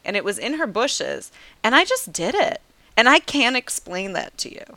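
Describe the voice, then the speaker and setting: A woman's voice: medium pitch, sing-song, moderate pace, creaky, bright, forceful tone, dry recording. A woman co-hosting a podcast in casual chat, telling stories about herself with self-mocking humor. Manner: chatty storyteller, laughs often, self-mocking. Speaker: podcast co-host.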